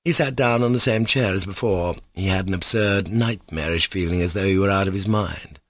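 A man narrating a classic novel in a steady, even storytelling manner. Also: low-pitched, fairly quick, no echo. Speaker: audiobook narrator. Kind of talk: scripted narration.

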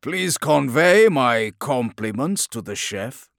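A man's voice: medium pitch, animated, slow, a bit bright, no room sound, studio quality. A man voicing an arrogant, defiant imprisoned warrior who talks in grand, mocking declamations. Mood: sardonic mocking. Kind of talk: audiobook character voice.

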